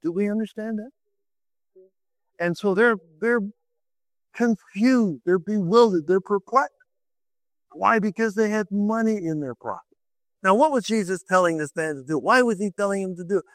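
Male preacher, highish voice, dry close sound, dramatic delivery full of rhetorical questions. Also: normal speed, long pauses, no room sound, rough recording. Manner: dramatic, swings pitch to act out quoted voices; asks the listeners rhetorical questions. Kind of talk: sermon.

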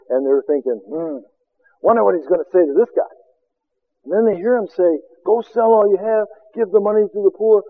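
A man with a high voice preaches a sermon, throwing out rhetorical questions and swinging between loud bursts and hushed asides. The sound is thin and tinny, like narrow-band broadcast audio. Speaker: preacher and seminar teacher.

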